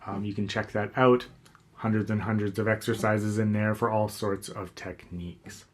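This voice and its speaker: A man teaching a guitar lesson, explaining calmly and counting beats aloud as he demonstrates. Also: mid-range voice. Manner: relaxed, counts beats aloud while playing. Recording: faint guitar playing behind.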